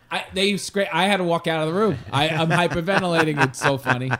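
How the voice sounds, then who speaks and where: Guy on a comedy podcast telling a story, acts out every character, pretty animated. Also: on the high side, quick pace, hardly any pauses, slight background noise. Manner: animated anecdote-teller who acts out the people in his stories.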